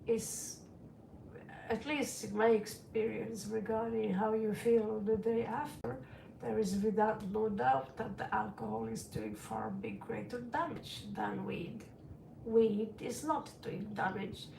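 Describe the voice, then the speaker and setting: Slow, gravelly middle-aged woman. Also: fairly high pitch, warm tone, far from the mic, a little hiss or hum. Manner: rambling, frank, calls listeners sweetie. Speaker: tarot reader. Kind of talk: casual livestream chat. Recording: roomy echo, away from the mic.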